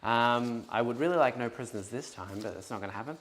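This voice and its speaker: A man's voice: medium pitch, fast talker, fairly bright tone. An easygoing man with an Australian accent, chatting casually while playing a tabletop wargame and reading out viewer comments. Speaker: wargame player. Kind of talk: casual tabletop game banter.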